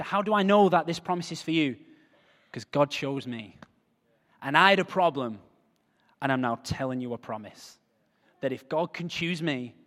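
A man preaching a lively sermon to a crowd, moving between quiet asides and loud, emphatic calls. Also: medium pitch. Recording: hall reverb.

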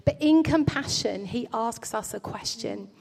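A woman delivers a gentle, earnest sermon with a pastoral warmth of manner, often restarting her phrases. Her voice sits a little high. The recording carries the long reverb of a church hall. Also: animated, a little slow, gravelly. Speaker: preacher.

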